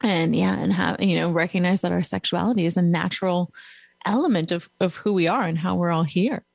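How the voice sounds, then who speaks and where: A woman's voice: fairly low pitch, fairly quick, gravelly, a little mellow, no echo. A woman with a New York accent hosting an interview, affirming her guest and laughing often. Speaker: podcast host. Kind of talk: casual interview.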